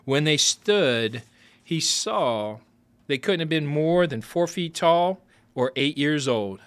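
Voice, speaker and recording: A man reading a novel aloud as narrator, with lively, expressive storytelling. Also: on the high side, takes it slowly.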